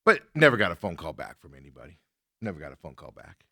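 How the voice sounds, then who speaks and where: A man's voice: deep voice, fast, creaky, no room sound, clean studio sound. A man hosting a talk show, telling a story in casual chat and acting out his own side of a phone argument with an indignant edge. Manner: animated, indignant retelling with quoted exchanges.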